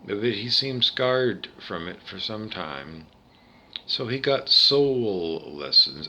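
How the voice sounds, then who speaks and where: A man's voice: lowish voice, expressive, slow pace, sharp tone. A man from Canada talking alone to camera in a rambling, digressive monologue full of tangents and restarts. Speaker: vlogger.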